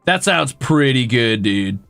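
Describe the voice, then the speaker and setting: A man's voice: mid-range voice, lively intonation, slow, gravelly, fairly bright tone, dry recording, soft background music. A male streamer chatting casually with his viewers, rambling and poking fun at himself. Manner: rambling, self-deprecating, talks to chat. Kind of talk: casual livestream chat.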